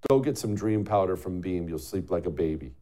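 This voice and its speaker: A man hosting a political talk show, lively and mocking, laughing often. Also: sits low, fairly quick.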